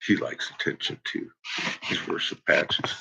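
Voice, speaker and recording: A man's voice: measured pace, bright, forceful tone. A man chatting to viewers on a live stream, rambling and swearing heavily. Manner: profane, rambling, heavy cursing. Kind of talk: casual live-stream chat. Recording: dull lo-fi recording.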